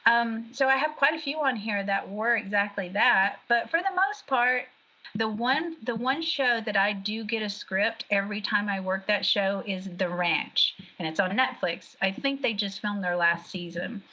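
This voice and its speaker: A woman's voice: medium pitch, moderate pace. A woman being interviewed about her work as a background actor. She chats casually and tells stories with lots of energy and laughter. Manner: chatty, animated storyteller who laughs often. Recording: dull lo-fi sound.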